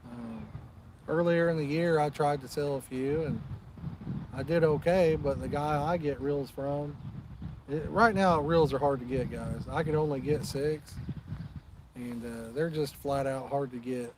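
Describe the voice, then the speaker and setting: A man's voice: a little high, a little slow, noisy background. A man hosting a live fishing stream outdoors, chatting casually and talking straight to the viewers in the chat. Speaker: fishing channel host.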